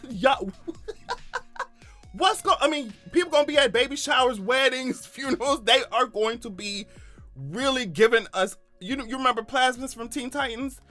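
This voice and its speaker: A man giving casual comedic commentary on a news story, animated and profane, laughing often as he talks. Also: extremely high pitch, moderate pace, soft background music. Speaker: YouTube commentator.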